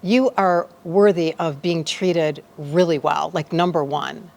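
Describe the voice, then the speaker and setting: A woman with a somewhat low voice speaks as a podcast guest. She is a life coach telling a personal story in a casual, animated way, acting out the back-and-forth of the conversation she describes. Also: slow, creaky. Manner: animated, acts out dialogue in her stories.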